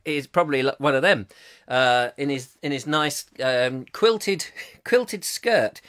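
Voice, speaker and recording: A man's voice: on the high side, slow, sharp tone. A man in his fifties hosting a live comic chat show, rambling through viewer comments with jokey, self-mocking asides. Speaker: host.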